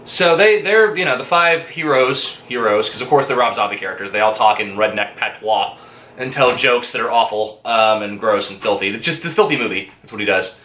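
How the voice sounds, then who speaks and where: Male reviewer, rambly and crude, bright voice, roomy echo. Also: on the low side, lively intonation, a little fast, slight background noise. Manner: rambling, profane, hesitant with many fillers. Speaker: movie reviewer. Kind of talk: casual spoken movie review.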